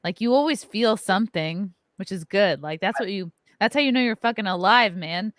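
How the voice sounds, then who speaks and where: A woman's voice: medium pitch, normal speed. A woman hosting a casual morning talk show, asking questions in an upbeat way. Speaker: show host. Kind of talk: casual chat.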